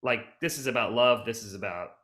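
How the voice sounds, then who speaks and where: A man's voice: mid-range voice, a little fast. A middle-aged man, a hoarding cleanup expert, telling long rambling stories on a casual podcast. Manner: rambling, animated storyteller who restarts and jumps around. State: emotional, close to tears.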